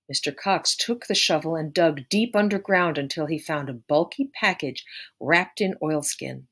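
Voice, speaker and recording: Female audiobook narrator, low voice, measured and expressive. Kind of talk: read-aloud narration of a story.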